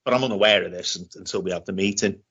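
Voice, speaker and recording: A middle-aged British man telling a personal story in an interview, halting and often repeating himself as he restarts. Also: low voice, a bit bright, slightly rough. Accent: British English. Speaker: interview guest. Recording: dull lo-fi recording.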